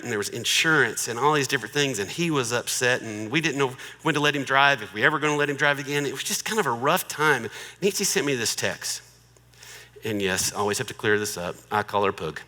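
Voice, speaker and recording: A man's voice: mid-range voice, fairly quick, in a large hall. A middle-aged man giving a humorous marriage talk in a joking, conversational way. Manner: joking, conversational, warmly persuasive. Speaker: marriage speaker.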